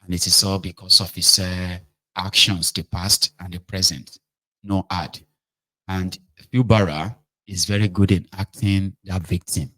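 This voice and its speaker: A man's voice: deep voice, fairly even intonation, a little slow, pushed and bright, rough recording. Man giving casual political commentary. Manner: conversational, mixes in Pidgin, checks in with "okay? right?".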